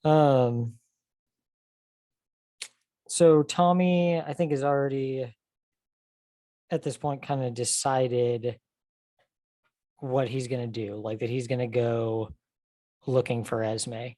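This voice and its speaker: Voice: medium pitch, fairly even intonation, slow, pauses often, dark tone, no echo. A podcast co-host in casual chat, thinking aloud with "um" and "like" and reading search results out.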